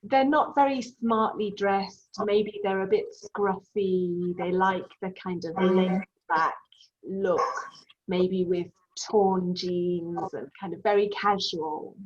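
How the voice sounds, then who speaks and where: A woman's voice: mid-range voice, fairly even intonation, slow pace, slight background noise. A woman teaching an online English class, patiently explaining vocabulary with examples. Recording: dull lo-fi sound.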